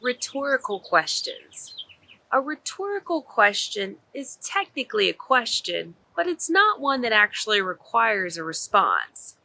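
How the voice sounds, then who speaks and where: A woman teaching an English grammar lesson in a clear, encouraging, scripted delivery. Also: medium pitch, sharp tone, slight background noise.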